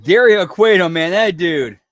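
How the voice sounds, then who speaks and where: A man's voice: high voice, expressive, a little slow, a bit bright, dry recording. A man hosting a casual watch-along stream, chatting and rambling with frequent restarts. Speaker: stream host.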